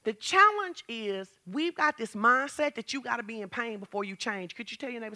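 Bright, high-voiced woman preacher. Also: fairly quick, hardly any pauses. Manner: lively preaching that builds to shouts; talks straight to the congregation with questions. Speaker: pastor. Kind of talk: sermon.

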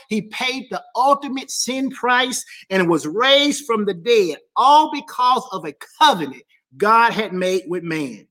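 A man preaching a sermon as pastor, emphatic and driven by repeated refrains, drawing key phrases out slowly. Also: high voice, fairly bright tone.

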